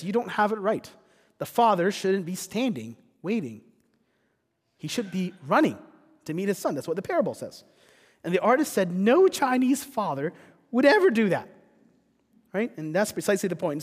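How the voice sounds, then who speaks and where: A man preaching a sermon as pastor, earnest and rising to passionate rhetorical questions. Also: sits high. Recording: long reverb of a church hall.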